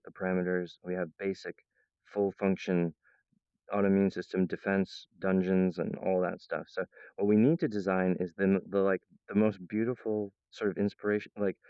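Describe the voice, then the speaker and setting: A man rambling to his viewers, jumping between topics and laughing mid-sentence, now and then mimicking others in a high voice. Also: darkish tone, clean tone, no echo, highs cut off. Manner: acts out other people's voices in a high pitch.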